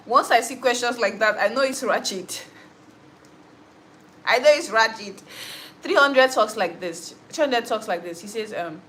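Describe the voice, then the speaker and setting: A woman's voice: a little high, unhurried, a bit bright, slight background noise, low-quality recording. A young woman hosting a livestream, chatting casually with viewers, laughing often and answering comments. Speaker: livestream host and musician.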